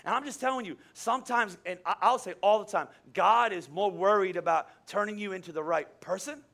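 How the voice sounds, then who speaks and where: A pastor in his forties from Pennsylvania preaches a sermon at a church service, his high, nasal voice brisk, gravelly, and somewhat bright. He tells stories and trips over repeated words.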